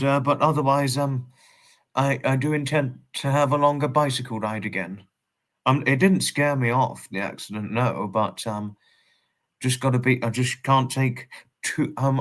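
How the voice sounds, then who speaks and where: This English male livestream host has a mid-pitched, fairly bright voice, talking at normal speed with fairly even intonation. He rambles and repeats himself while greeting viewers and reading their messages, keeping his phrasing polite and formal.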